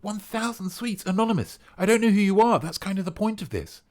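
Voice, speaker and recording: A man's voice: high-pitched, sing-song, quick pace, a little mellow. An English man with a refined RP accent, hosting a live-streamed character comedy show in a grandiose, theatrical manner. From England. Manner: grandiose, theatrical, playfully pompous. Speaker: streamer host.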